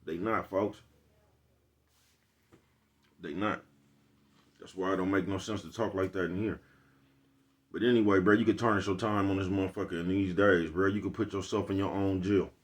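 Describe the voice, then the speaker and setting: A man's voice: deep voice, steady tone, normal speed, pauses often. A man with an African American Vernacular English accent, talking in a loose, slangy, preachy monologue to his viewers. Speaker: vlogger. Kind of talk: casual street monologue.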